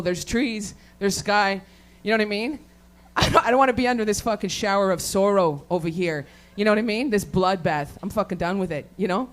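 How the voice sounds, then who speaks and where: Lady comic, swears nonstop, rambly and crude, keeps cracking herself up. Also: mid-range voice. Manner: crude, rambling, swears constantly, laughs at own jokes. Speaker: stand-up comedian. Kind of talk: raunchy stand-up set. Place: comedy show venue with live audience.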